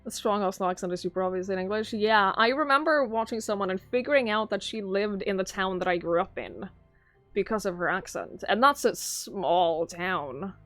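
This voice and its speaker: A woman's voice: mid-range voice, animated, moderate pace, a bit bright, dry recording, soft background music. A young Norwegian woman with a Norwegian accent in English, chatting casually with her live-stream viewers and reading their messages aloud. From Norway. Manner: chatty, musing aloud, swears casually, reads chat aloud. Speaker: game streamer.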